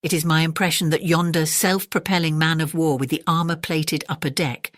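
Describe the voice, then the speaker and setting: A woman's voice: sits low, fairly even intonation, fairly quick, no room sound, studio quality, lightly acted. A woman doing a pompous long-winded python. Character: pompous wordy male python snake.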